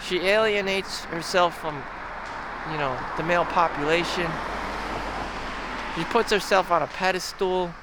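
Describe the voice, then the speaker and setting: A man's voice: high-pitched, unhurried, long pauses, noisy background. Rambling young man. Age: young adult. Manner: rambling, frequent fillers and restarts, profane. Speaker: vlogger. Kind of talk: casual rambling monologue. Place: outdoors in a town.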